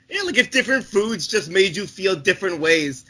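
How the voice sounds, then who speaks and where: A young man chatting loosely with a friend, stumbling through his thoughts with lots of restarts. His voice is very bright and sits a bit high for a man. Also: expressive. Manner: rambling, halting, many restarts and fillers. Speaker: podcast co-host. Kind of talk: casual chat.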